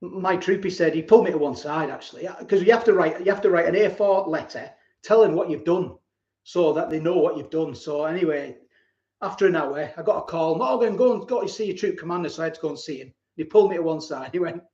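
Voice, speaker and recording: A man's voice: fairly high pitch, fast, a little mellow. Rambling man in a roomy space. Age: 40s. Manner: rambling, repeats words, chuckles often. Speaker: live-stream host. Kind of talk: casual live-stream chat and storytelling. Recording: roomy, dull lo-fi home stream.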